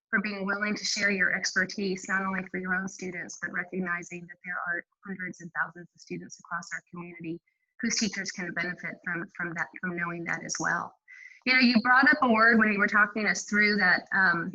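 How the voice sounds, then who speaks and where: Bright lady hosting an online panel, kinda muffled call audio w/ light hiss. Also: mid-range voice. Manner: warm, appreciative questioning. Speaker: panel moderator.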